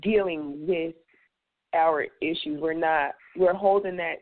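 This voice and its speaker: A woman's voice: low voice, slow pace. A woman on a radio panel who makes her points in an earnest, opinionated way. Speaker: roundtable panelist. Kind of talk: casual radio panel chat. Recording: tinny phone-line sound.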